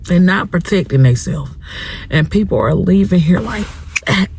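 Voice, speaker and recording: A woman's voice: lowish voice, expressive, normal speed, creaky, darkish tone, breathy edge. A woman hosting a vlog, chatting candidly to viewers about parenting her teenage son and repeating phrases for emphasis. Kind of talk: candid casual chat to viewers.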